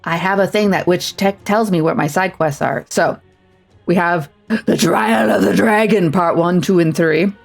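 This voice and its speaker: A woman's voice: lowish voice, moderate pace, vocal fry, faint music behind. A woman streaming a video game, chatting casually and thinking aloud with self-deprecating asides. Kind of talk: casual let's-play commentary.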